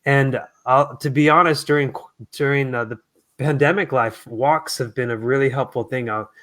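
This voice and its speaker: A man speaking as a guest in a casual interview, talking in an earnest, reflective, soft-spoken way. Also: medium pitch, fairly even intonation, moderate pace. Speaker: guest singer.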